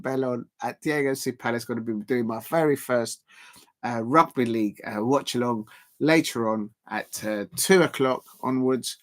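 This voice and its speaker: A man chats casually on a livestream as its host. He teases, laughs often and repeats his lines for effect. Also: mid-range voice. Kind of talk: casual live-stream chat.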